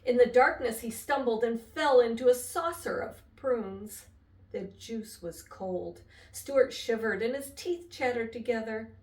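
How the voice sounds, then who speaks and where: Grandmother reader, higher voice, lively telling, roomy and distant sound. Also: measured pace. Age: older. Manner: expressive, lively storytelling. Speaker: storybook reader. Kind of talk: reading a children's book aloud. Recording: echoey room, voice from a distance.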